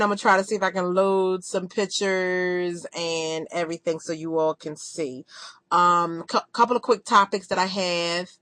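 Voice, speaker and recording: Woman, thirties, casual video diary, low voice, rambling and candid, dry sound. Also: a bit bright, no room sound. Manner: chatty and candid, quick rambling talk with fillers. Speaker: vlogger.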